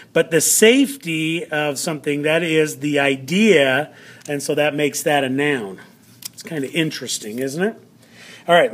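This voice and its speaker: A male teacher giving a vocabulary lesson to students, drawing out words slowly and checking in often. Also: fairly high pitch, fairly bright tone. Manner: slow, drawn-out word pronunciation with frequent "all right" check-ins.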